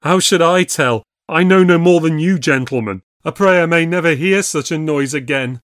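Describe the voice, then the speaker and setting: A man's voice: a little high, normal speed, a bit bright, dry recording, studio quality, voice pushed up, close to an everyday voice. A man voicing a frightened older innkeeper who speaks fearfully and wails, in a spoken ghost story. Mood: wailing. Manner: wailing, fearful. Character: frightened male innkeeper, older, sweating and quivering.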